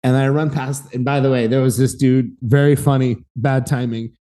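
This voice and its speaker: Animated man telling a story. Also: medium pitch, moderate pace. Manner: animated, acts out voices in his story. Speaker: podcast co-host. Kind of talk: casual storytelling.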